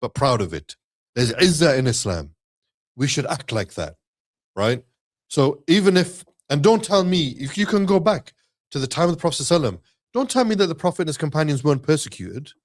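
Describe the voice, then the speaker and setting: A man co-hosting an Islamic live stream in casual chat, giving upbeat sponsor shout-outs. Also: a little high, big pitch swings, moderate pace.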